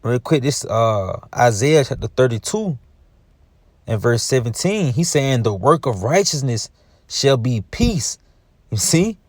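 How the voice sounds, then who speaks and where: A man's voice: medium pitch, sing-song, a little slow, a little mellow, no room sound. A man giving an informal scripture teaching, reading verses and explaining them in a conversational way, often asking "you see?" and adding "man". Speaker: religious teacher.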